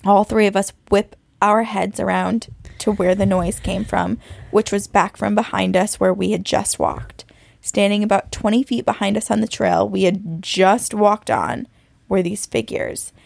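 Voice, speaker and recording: A woman co-hosting a podcast, reading a listener's frightening story aloud with suspense and slowing down at the tense parts. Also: mid-range voice, steady tone, gravelly, a little mellow, no room sound. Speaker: podcast co-host.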